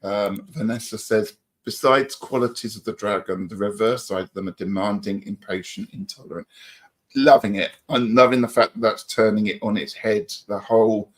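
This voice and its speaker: A man's voice: lowish voice, moderate pace. Chatty upbeat man reading chat comments. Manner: chatty and upbeat, greeting viewers by name. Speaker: livestream co-host. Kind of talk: casual live chat reading viewer comments.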